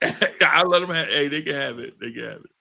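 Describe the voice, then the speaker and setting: A man's voice: fairly high pitch, fairly quick, vocal fry, pushed and bright. A man hosting a casual group music draft, playful and slangy, laughing often. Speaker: podcast host running a music draft. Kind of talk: casual group chat on a video call.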